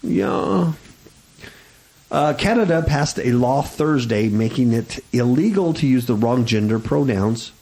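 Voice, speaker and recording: A male radio talk show host in casual banter with a co-host. His voice swings widely in pitch as he talks, sitting in an ordinary middle register, and his delivery turns sarcastic and mocking. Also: animated, unhurried, creaky, dark tone, poor audio. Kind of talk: casual chat.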